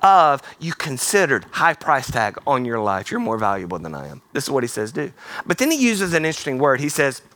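A man preaching a sermon in a theater, energetic and playful, slipping into quick voices. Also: a little high, no echo. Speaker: pastor.

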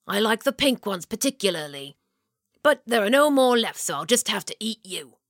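A woman's voice: mid-range voice, very animated, normal speed, fairly bright tone, no room sound, clean studio sound. A woman doing a greedy toothy beast. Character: greedy monster with a thousand teeth. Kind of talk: storybook reading.

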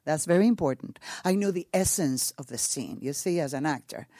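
An actress from Puerto Rico with a Puerto Rican accent tells an anecdote to a panel audience, speaking a little fast with lively, rising-and-falling pitch. She acts out each exchange, laughing and tossing in short Spanish asides, and the sound is close and dry without room echo.

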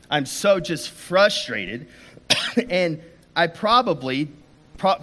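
A man delivers a sermon in a church room, slipping into a personal story before moving into scripture. His voice sits a bit higher than most men's, and he talks in a relaxed, conversational way. He often restarts his sentences. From United States. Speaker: preacher.

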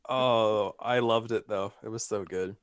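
A man with a somewhat low voice hosts a relaxed chat, reading lists of nominees and breaking into laughter now and then. His delivery is easygoing, and the recording sounds dry and close. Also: measured pace, smooth, no echo. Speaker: podcast host. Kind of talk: casual chat.

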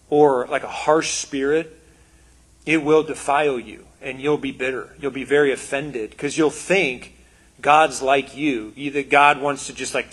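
A man giving a casual, conversational sermon, animated and full of quoted asides. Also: mid-range voice. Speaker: preacher.

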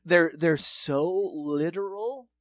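A man's voice: on the high side, takes it slowly, no echo. Laid-back, profane man from South Dakota. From South Dakota, USA. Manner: loose, profane, laughing banter. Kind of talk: casual chat.

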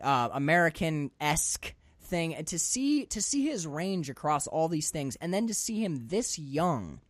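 A man's voice: a little high, unhurried, no room sound. Rambling young man talking films. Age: 20s. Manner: enthusiastic, rambling, animated. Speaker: podcast co-host. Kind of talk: casual movie discussion.

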